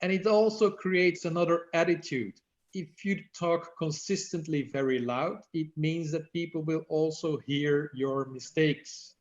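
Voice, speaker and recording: A man's voice: a little high, a little slow. A man giving an online workshop for badminton umpires, explaining and demonstrating how to use the voice. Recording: echoey, dull lo-fi audio.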